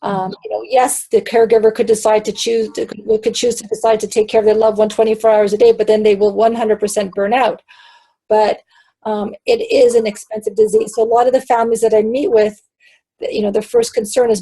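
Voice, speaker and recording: A woman guest in an interview, a caregiver coach who talks in an earnest, halting way with many restarts. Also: a little high, fairly even intonation, creaky, dark tone. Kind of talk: casual interview chat.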